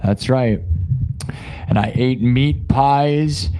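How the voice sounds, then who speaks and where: A man's voice: mid-range voice, extremely slow, warm tone. A man hosting his own live stream, chatting casually to viewers in a rambling way and correcting himself as he goes. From United States. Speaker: live-stream musician host.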